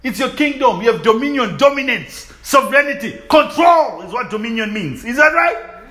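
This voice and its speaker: A man preaching a sermon in call-and-response fashion, often asking his listeners to agree, with bursts of shouting and laughter. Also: very high-pitched, lively intonation, moderate pace.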